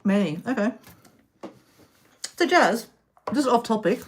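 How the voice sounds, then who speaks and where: A woman's voice: a little high, expressive, slow, husky. A woman hosting a casual live stream, rambling and chatting while eating snacks indoors. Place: indoor room.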